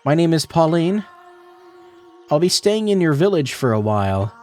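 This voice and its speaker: A man's voice: fairly high pitch, sing-song, normal speed, faint music behind. A man voicing an earnest, polite young foreign woman traveler as he reads a visual novel aloud. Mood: earnest, careful. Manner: gentle, careful, overly polite.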